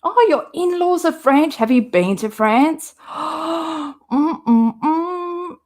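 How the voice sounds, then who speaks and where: A woman's voice: high voice, lively intonation, takes it slowly, darkish tone. An Australian woman hosting a livestream, chatting casually and rambling as she answers viewers' comments. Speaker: livestream host. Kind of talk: casual chat with live viewers.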